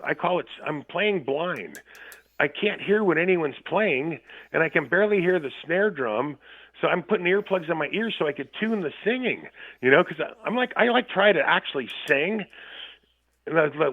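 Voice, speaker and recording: A man with an expressive, high-leaning voice speaks at a moderate pace over a tinny phone line. Calling in as a guest musician, he tells rambling, profane stories in a casual chat and laughs often.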